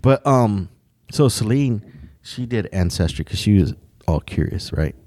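A man's voice: lowish voice, lively intonation, a little slow, darkish tone, a little hiss or hum. A man in casual conversation, rambling with frequent restarts and casual swearing. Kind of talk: casual chat.

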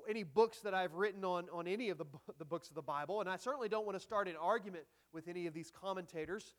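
A man preaching a sermon in a conversational way, with asides and emphatic quoted lines. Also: high-pitched. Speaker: pastor.

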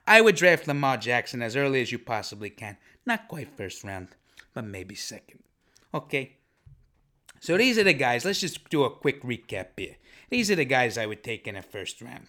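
Brash, bright-voiced podcast host man. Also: medium pitch, animated, moderate pace. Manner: brash, profane, keeps tagging lines with "okay?". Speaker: fantasy football podcast host. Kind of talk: comedic sports podcast monologue.

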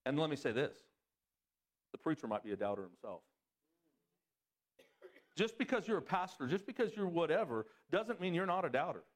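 A man preaching to his congregation, his voice set a touch high for a man. He climbs sharply in pitch to stress his points, then drops low and quiet as he reads scripture and makes his case. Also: normal speed, long pauses. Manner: animated preaching, swings pitch up for emphasis. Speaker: pastor. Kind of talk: sermon.

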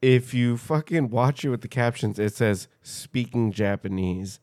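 A man's voice: medium pitch, a little slow, darkish tone, no room sound, studio quality. A man co-hosting a casual podcast, rambling through stories with lots of swearing and restarts. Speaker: podcast co-host. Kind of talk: casual chat.

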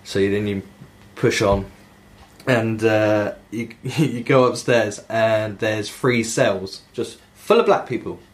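A man's voice: on the low side, slow. Laughing man retelling a game. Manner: animated storytelling, swearing and laughing often. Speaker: podcast host. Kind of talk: casual podcast chat about video games.

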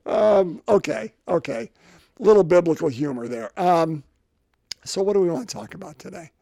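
A man's voice: sits high, expressive, normal speed, creaky, mellow, no room sound, studio quality. A male priest giving a homily, rambling and joking as he interrupts himself.

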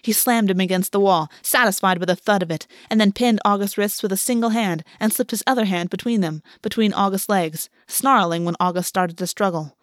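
Woman reading a story out loud, measured, mid pitch, dry. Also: dry recording. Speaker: narrator. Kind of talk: audiobook reading of fiction.

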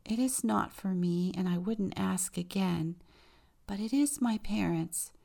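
A woman playing a shy gentle girl, humble, raised pitch, slow, storybook. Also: gravelly. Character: shy, kind peasant girl.

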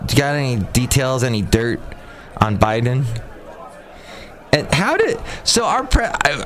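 A man hosts a casual solo podcast, talking outdoors near a cafe at a middle pitch. He rambles, doubles back on his own sentences, and keeps a dry sarcastic edge. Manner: sarcastic, rambling, with frequent restarts. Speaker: podcast host.

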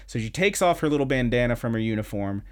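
Speaking fast in a mid-range voice, a young podcast host rambles casually through an anime episode recap. He retells it animatedly, acting out the quotes.

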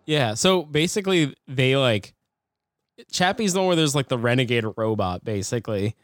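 A man co-hosting a podcast in casual chat, laid-back and quick to laugh. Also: mid-range voice, expressive, no room sound, studio quality. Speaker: podcast co-host.

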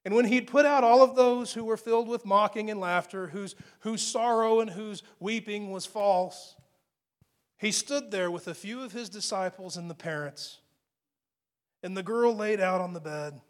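A man preaching a sermon, retelling a scripture story with emphatic repetition and dropping to a hushed near-whisper for quoted lines. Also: high-pitched, moderate pace.

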